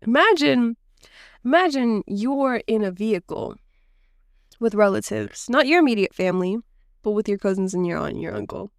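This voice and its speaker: A woman co-hosting a podcast and telling a story, her pitch rising and falling all through it. She laughs often and acts out the other people in her story. Her voice is dry and close, with no room sound. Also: animated, normal speed, vocal fry, no room sound. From United States. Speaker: podcast co-host. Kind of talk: casual chat, animated storytelling.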